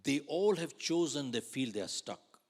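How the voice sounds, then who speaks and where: A man's voice: medium pitch, animated, normal speed, darkish tone, lightly acted. A man voicing a blunt, stern male insurance manager, curt and scolding as he speaks.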